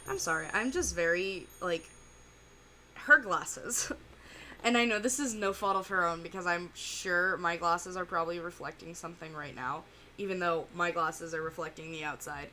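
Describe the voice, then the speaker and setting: A woman talks her way through a reaction video. She rambles, stops and restarts, and leans on fillers. Her voice sits slightly low but sounds very bright, with a faint hiss underneath. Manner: rambling, many fillers and pauses. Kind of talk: casual reaction commentary.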